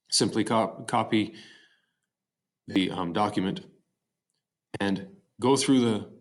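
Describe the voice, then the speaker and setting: A man's voice: lowish voice, slow, long pauses. A man giving a recorded slide-show lecture on poetry, explaining step by step with fillers and self-corrections. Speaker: teacher.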